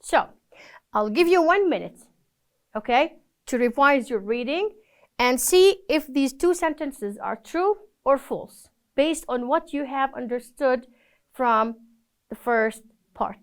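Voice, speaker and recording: A woman's voice: high-pitched, expressive, slow pace, smooth. A woman teaching a recorded English reading lesson, patient and encouraging, praising each answer. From Palestine.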